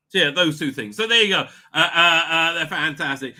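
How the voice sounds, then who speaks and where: A man's voice: a little high, expressive, brisk, hardly any pauses, pushed and bright. A middle-aged man from England, hosting a casual livestream from his home office in a rambling, chatty way full of fillers and restarts. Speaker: livestream host.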